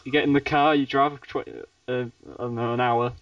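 A British man hosts a casual podcast chat, talking a little fast at a medium pitch with little pitch movement. He rambles, restarts often and laughs frequently. There's no echo, though the podcast mic sounds dull and distant.

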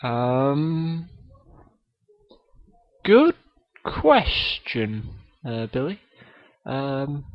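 Male podcast host, halting and full of ums, slow-paced, dull lo-fi sound. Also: medium pitch, vocal fry, no echo. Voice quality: hesitant, full of ums and pauses. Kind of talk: comedy podcast interview. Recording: dull lo-fi recording.

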